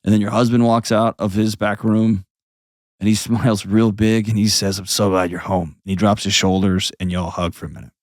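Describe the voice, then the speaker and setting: A man's voice: fairly low pitch, flat delivery, a little fast, darkish tone, dry recording, clean studio sound. A man hosting an advice call-in show, talking bluntly and painting vivid scenes as he coaches a caller. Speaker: host.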